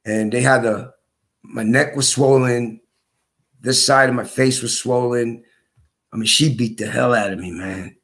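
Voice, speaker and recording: A hoarse man telling his story in a casual monologue, repeating his points for emphasis. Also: mid-range voice, steady tone, unhurried, a bit bright. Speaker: vlogger.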